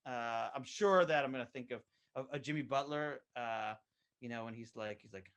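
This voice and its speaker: A man chatting as a podcast guest about his animated show, rambling with lots of fillers and restarts. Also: medium pitch, normal speed, clear, resonant tone. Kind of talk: casual podcast chat.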